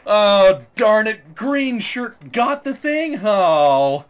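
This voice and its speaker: A man putting on a whiny, high voice for a dopey cop who gives up the chase. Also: very animated, very slow, smooth, exaggerated voice. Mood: grumbling. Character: dopey, grumbling male cops giving up.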